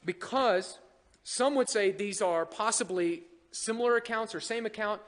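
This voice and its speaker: Male pastor, sermon, animated and joking, high voice, long church-hall reverb. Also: a little slow.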